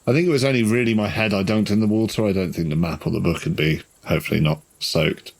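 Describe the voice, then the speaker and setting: A man's voice: low voice, fast, creaky. A man playing a tabletop game, describing his character's actions in detail and laughing easily. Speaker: player.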